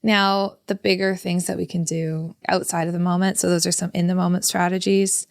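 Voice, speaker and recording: A woman's voice: fairly low pitch, little pitch movement, a little fast, vocal fry, no echo, clean studio sound. A woman in her thirties, a therapist hosting a parenting podcast, talking casually with lots of "like" fillers. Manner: chatty, frequent "like" fillers. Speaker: podcast host.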